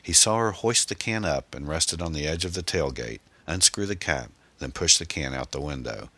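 Very deep-voiced male audiobook narrator. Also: expressive, moderate pace, sharp tone, no echo.

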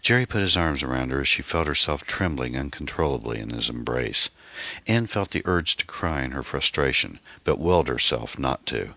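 Deep-voiced male audiobook narrator. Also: animated, normal speed, pushed and bright, dry recording.

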